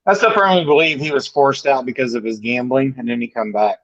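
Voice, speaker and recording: A man's voice: mid-range voice, a little fast, fairly bright tone. Male guest, opinionated and rambling, lo-fi call audio. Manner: opinionated, talks in long rambling sentences. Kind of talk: casual chat on a live stream. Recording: dull, muffled call audio.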